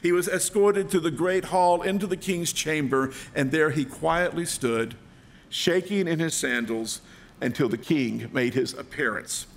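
A man's voice: a little high, measured pace, creaky. A man preaching a sermon, telling a parable in a dramatic, vivid way. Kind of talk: storytelling sermon.

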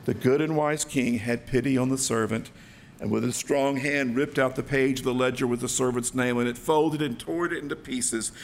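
A man's voice: medium pitch, steady tone, moderate pace, a little hiss or hum. A man preaching a sermon, telling a parable in a dramatic, vivid way. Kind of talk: storytelling sermon.

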